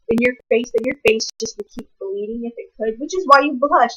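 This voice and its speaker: Bright-voiced woman telling a story. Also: a little high, fairly quick, hardly any pauses, slightly rough, rough recording. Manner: animated, swears often, restarts mid-sentence. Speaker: vlogger. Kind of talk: casual storytelling to camera.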